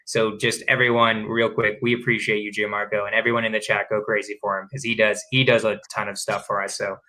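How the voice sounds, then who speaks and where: A man's voice: on the low side, little pitch movement, fast, sharp tone. A man co-hosting a podcast in casual, joking banter who laughs often and swears freely. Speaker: podcast co-host.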